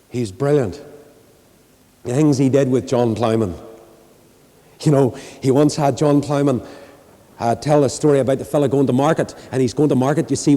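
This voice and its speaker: A man's voice: medium pitch, dark tone, long reverb tail. An older man with a Northern Irish accent, preaching in a folksy storytelling way and acting out the people in his tales. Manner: folksy storyteller doing voices. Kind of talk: storytelling sermon.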